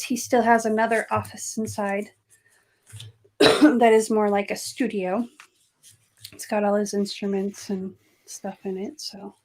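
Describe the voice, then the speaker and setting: A woman's voice: medium pitch, creaky, a little mellow, rough recording. A middle-aged woman chatting casually as she makes art on a live stream, laughing often and poking fun at herself. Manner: chatty, laughs often, self-mocking asides. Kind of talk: casual chat while making art.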